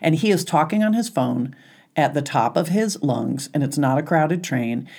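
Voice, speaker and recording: A woman's voice: low voice, normal speed. A middle-aged woman co-hosting a casual chat, telling stories with energy and acting out the people she quotes. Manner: animated storyteller, acts out quoted voices. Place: recording studio.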